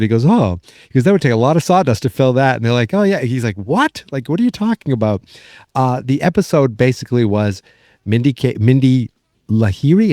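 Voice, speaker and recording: A man with a New England accent recapping a sitcom episode on a podcast, rambling and excitable, with plenty of fillers and restarts. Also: medium pitch, dry recording, studio quality. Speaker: podcast host.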